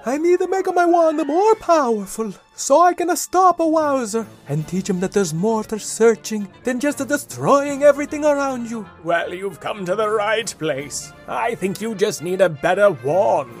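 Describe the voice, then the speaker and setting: A man playing a fussy, overworked old wizard professor in a comedic audio story, gravelly and theatrical. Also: very high-pitched, expressive, moderate pace, hardly any pauses, soft background music.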